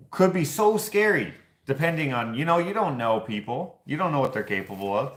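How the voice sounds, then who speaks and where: A man's voice: medium pitch, very animated, moderate pace, few pauses, noisy background. A man hosting a casual chat, telling rambling stories and laughing at his own jokes. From Canada. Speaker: show host. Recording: echoey room.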